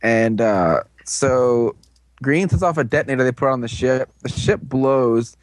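A man's voice: mid-range voice, no echo. Man retelling a show in a dry recording. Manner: animated storytelling with quick voiced quotes and laughs. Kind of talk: casual chat, recapping a show.

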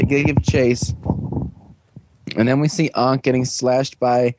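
A man hosting a laid-back podcast and retelling an episode in a loose, rambling way. He fills his talk with "like" and "um" and jumps into quick, higher character voices. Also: level tone, background noise. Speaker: podcast host recapping a show. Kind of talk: casual recap chat.

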